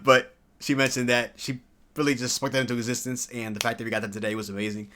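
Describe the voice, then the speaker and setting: A man in his early twenties giving a casual, excitable video review, full of slang and sudden high-pitched exclamations. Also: fast talker. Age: early 20s. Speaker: TV show reviewer.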